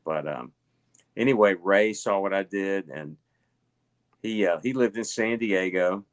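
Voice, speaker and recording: A middle-aged man with a Southern US accent, telling stories at a relaxed pace with lots of fillers as a guest in an interview. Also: low voice, measured pace. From Alabama. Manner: rambling, relaxed storytelling with many fillers. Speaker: guest, illusionist. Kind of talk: casual interview chat.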